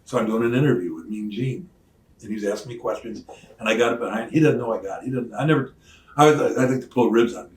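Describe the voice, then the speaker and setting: An older retired wrestler tells stories casually in an interview, animatedly acting out other people's lines. He talks fast in a medium-pitched voice. The distant mic gives a roomy sound with a little hiss or hum.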